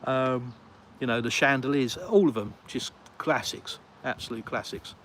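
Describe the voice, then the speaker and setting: Over loud traffic and street noise, a middle-aged man with an English accent from England livestreams at normal speed in a mid-range voice. The low-quality recording catches him chatting casually and reading out what viewers send in.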